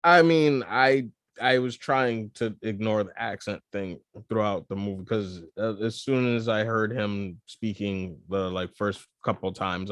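A man co-hosting a podcast in casual chat, hesitant and full of restarts, talking in quick bursts. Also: fairly low pitch, fairly bright tone, no echo, clean studio sound. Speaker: podcast co-host.

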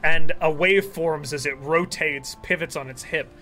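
A man's voice: measured pace, faint music behind. A man narrating vividly as game master of a tabletop game. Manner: vivid descriptive narration with lively pitch.

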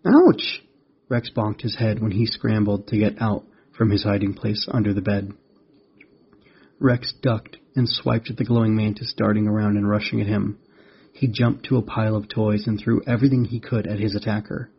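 A man narrates a storybook in a low, husky voice with a measured pace. The recording sounds dull and lo-fi. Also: flat delivery. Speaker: podcast host and author. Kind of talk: storybook audiobook reading.

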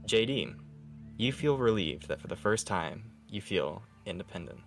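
A young man narrating a tabletop game as game master in a soft, calm storytelling voice. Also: lowish voice, moderate pace, vocal fry, faint music behind.

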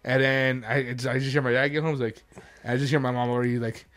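A man's voice: medium pitch, fast, no room sound. A man co-hosting a podcast, telling stories in casual chat and acting out quotes, laughing often. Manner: animated storyteller, acts out quotes, laughs often. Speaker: podcast co-host.

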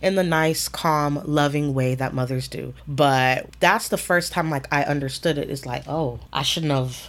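A woman co-hosting a podcast, telling a childhood story in a casual, animated way. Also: low-pitched, moderate pace. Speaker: podcast co-host.

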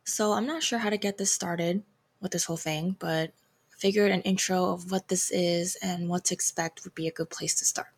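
A woman's voice: lowish voice, fairly even intonation, normal speed, breathy edge. A woman in her twenties hosting her own podcast, reading a reflective solo intro with a slightly hesitant delivery. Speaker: podcast host.

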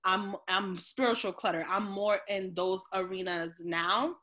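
A woman's voice: mid-range voice, steady tone, bright, forceful tone. Woman life coach telling her story. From New Jersey. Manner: open, storytelling, frequent "um" pauses. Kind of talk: casual video interview.

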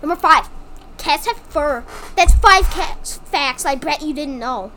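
A woman's voice: high voice, lively intonation, a little slow, sharp tone, slight background noise. A woman chatting casually, teasing and giggling, with an exaggerated joking delivery.

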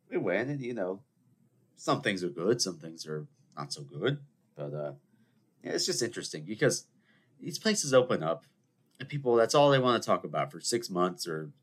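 A man hosts his own podcast in a loose, rambling monologue, often joking at his own expense. His voice sits fairly low but swings up and down a lot as he gets animated. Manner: rambling, animated and self-mocking. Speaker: podcast host. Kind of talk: casual solo monologue.

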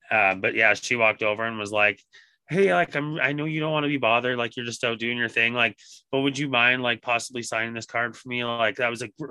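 A man on a podcast telling a story casually, swearing constantly and animated in his retelling. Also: lowish voice, smooth, dry recording. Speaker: podcast co-host.

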